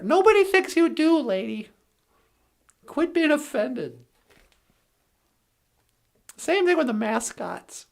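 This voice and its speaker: A woman's voice: fairly high pitch, very animated, a little slow, creaky, long pauses. A woman delivering a comedic rant in a sarcastic, mocking way, laughing often. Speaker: comedic commentator.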